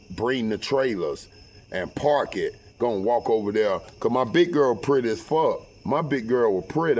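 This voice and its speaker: A man telling a personal story casually, profane and animated, with lots of fillers. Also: on the low side.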